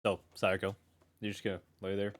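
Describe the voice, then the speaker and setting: A man's voice: low-pitched, monotone, a little fast. A young man streaming a game live, chatting casually, rambling and stammering with self-mocking jokes.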